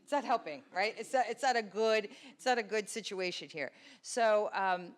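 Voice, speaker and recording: A woman's voice: medium pitch, moderate pace. A woman presenting to an audience in a room, explaining video clips in a conversational way and often checking in with "right?".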